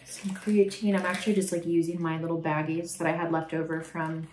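A woman's voice: low voice, flat delivery, brisk, a little mellow. A woman vlogging for her fitness channel in a casual, upbeat, chatty way, talking straight to her viewers on a phone camera. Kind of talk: casual vlog talk. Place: kitchen, then a gym. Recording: echoey room with background noise.

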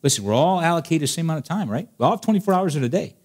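A man's voice: a little high, expressive, racing, darkish tone. A male pastor preaching a sermon to his congregation, emphatic and direct, full of rhetorical questions. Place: church service before a congregation.

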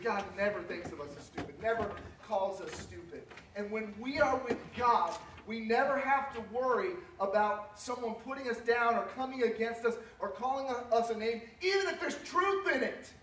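High-voiced pastor preaching in an echoey hall. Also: male voice, normal speed, hardly any pauses, slight background noise. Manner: builds to loud, high-pitched preaching peaks. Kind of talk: sermon. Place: church sanctuary. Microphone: cellphone from a distance. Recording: echoey cellphone livestream from far off.

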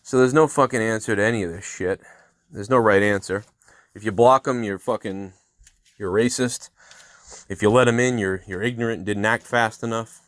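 A podcast host in his thirties delivering an angry, heavily profane solo rant, swearing constantly and working himself up into loud outbursts. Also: lowish voice, moderate pace, dry recording.

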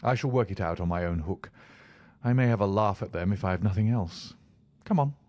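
A man reading the part of a calm, aloof male detective, cool and unhurried in manner. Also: fairly low pitch, dry recording, lo-fi sound, natural voice. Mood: brisk.

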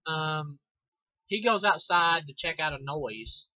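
A man's voice: a little high, animated, takes it slowly, bright, forceful tone, no echo. A young man giving a rambling, sarcastic, profane casual movie review on a dull lo-fi recording.

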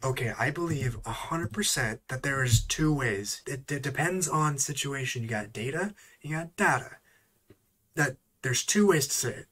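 A man chatting casually in a vlog, sighing and growing exasperated as he repeats words slowly. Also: medium pitch, a bit bright, husky. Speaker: YouTuber.

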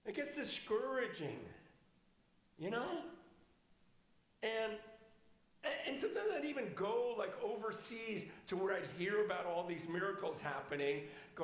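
High-voiced man preaching in an echoey church. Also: expressive, unhurried, pauses often. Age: 50s. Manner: storytelling, acting out quoted dialogue. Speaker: pastor teaching a healing class. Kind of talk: sermon.

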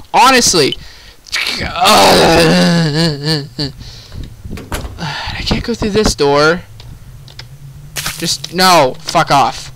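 A man's voice: high-pitched, creaky, sharp tone, a little hiss or hum, rough recording. A young man commentating a horror game, venting his frustration with lots of swearing and rambling. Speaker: gaming YouTuber. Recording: game music playing underneath.

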